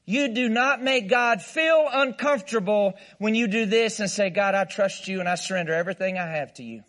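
A man preaching with a high-pitched voice, delivering a playful, emphatic sermon. He leads call-and-response with the congregation and breaks into mock laughter to drive his points home. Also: fairly quick, fairly bright tone. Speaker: guest pastor.

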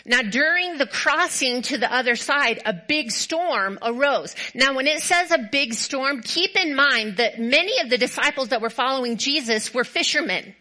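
Woman pastor, high bright voice; emphatic, repetitive sermon build-ups. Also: low-quality recording. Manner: animated storytelling, acts out quoted voices.

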